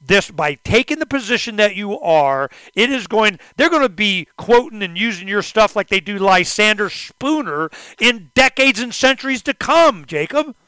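A male host in a political talk interview, talking in a rambling, animated way and acting out exchanges he has had with others. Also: high voice, normal speed, few pauses, clear, resonant tone, no room sound.

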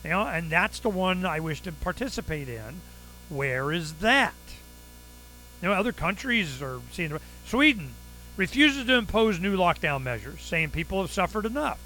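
A man's voice: high-pitched, moderate pace, a little hiss or hum, low-quality recording. A man hosting a casual monologue, telling stories with sarcasm and acting out the people he quotes. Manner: animated storytelling, acts out quoted people, sarcastic. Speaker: commentary show host.

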